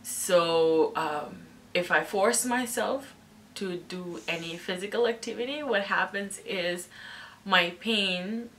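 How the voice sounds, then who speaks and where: A young woman telling an emotional personal story in a storytime vlog, speaking candidly and sometimes haltingly. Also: medium pitch, fairly bright tone, far from the mic, a little hiss or hum. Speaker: vlogger.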